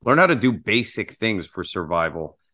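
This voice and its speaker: A man talking in a relaxed, matter-of-fact way in a casual podcast conversation over a video call. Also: fairly low pitch, normal speed. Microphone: remote video call.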